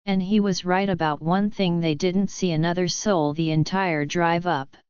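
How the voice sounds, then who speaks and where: A woman narrating bedtime horror stories in a calm, soft, hushed and atmospheric way, as the regular host of the channel. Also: lowish voice, normal speed, few pauses, smooth, dry recording, muffled recording.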